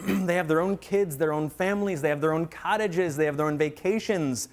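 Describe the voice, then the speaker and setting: A man's voice: a little high, a little fast. A man giving a workshop talk to real estate agents, telling stories and acting out quoted voices with energy.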